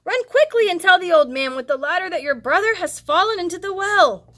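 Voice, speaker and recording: Impatient storybook mother, scolding and formal, read by a woman, pitched high and bright. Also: expressive, fairly quick, full character voice.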